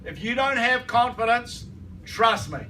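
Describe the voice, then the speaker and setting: A man with a fairly high voice leads a business training session in front of a live audience. He is emphatic and repetitive, and he keeps asking the room to confirm they agree. The recording picks him up from a distance, with a noisy room behind him. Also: animated, unhurried, pushed and bright. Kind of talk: motivational training talk.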